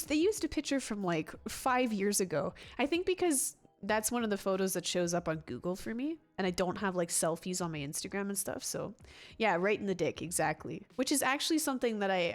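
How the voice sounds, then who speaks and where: A woman's voice: medium pitch, expressive, fairly quick, soft background music. Chatty woman streamer rambling with chat. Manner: rambling, chatty, self-interrupting with frequent restarts and laughs. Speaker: gaming livestreamer reading chat. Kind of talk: casual livestream chat.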